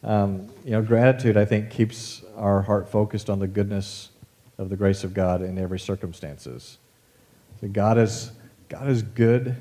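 A man with a low, warm voice delivers a sermon in a loose, conversational way. He slips in folksy asides and fillers, as if he is chatting with his congregation rather than lecturing them. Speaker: pastor. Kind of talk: casual sermon.

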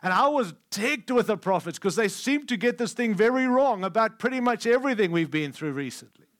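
A man preaching a conference sermon, emphatic and candid, shifting between loud declarations and hushed lines. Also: high voice, lively intonation, fairly quick, dry recording, studio quality. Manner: candid and conversational.

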